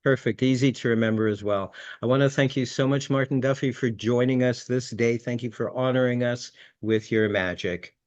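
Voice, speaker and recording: A man's voice: medium pitch, fairly even intonation, normal speed, hardly any pauses, muffled recording. Chatty male magic show host. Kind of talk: hosting an online magic show.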